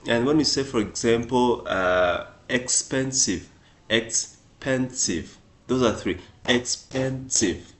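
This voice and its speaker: Teaching English grammar to beginners, a man moves carefully through each step and says every example word again with added emphasis. His delivery is slow and measured, with the examples pitched higher and spoken more loudly.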